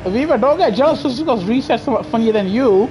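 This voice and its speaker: Talking fast in a very high-pitched, animated voice, a young British gaming streamer provides live racing game commentary on his headset. He jokes around with chat using slang and laughs a lot, with background noise audible.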